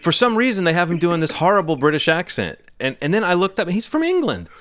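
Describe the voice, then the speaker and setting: A man's voice: high voice, no echo. Opinionated man in a dry-sounding recording. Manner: opinionated, animated, quick to joke. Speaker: film podcast co-host. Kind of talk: casual film review chat.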